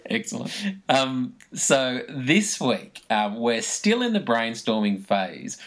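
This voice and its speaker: A man's voice: mid-range voice, slow pace. A man hosting a casual podcast, laughing often between lines. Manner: laughs often, lively delivery. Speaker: podcast host.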